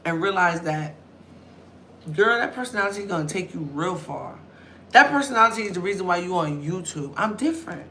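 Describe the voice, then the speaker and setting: A young woman vlogger, chatting loudly and telling stories straight to camera. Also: fairly low pitch, animated, fairly quick, slight background noise. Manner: loud, chatty storyteller. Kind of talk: casual talk to camera.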